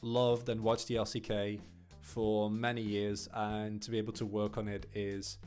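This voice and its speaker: A man's voice: fairly low pitch, monotone, unhurried, a little mellow, faint music behind. Man chatting casually, stumbling over words. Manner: stumbling restarts, chuckles often. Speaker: incoming esports caster, interview guest. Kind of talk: casual interview chat.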